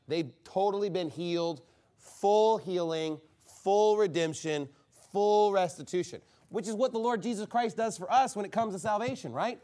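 A man's voice: sits high, normal speed, a little mellow. A man preaching a fiery, combative sermon from the pulpit. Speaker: pastor.

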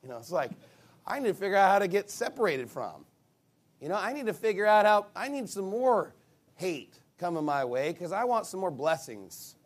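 A male pastor preaching a sermon in an animated, emphatic way, with sarcastic asides. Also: high-pitched, normal speed.

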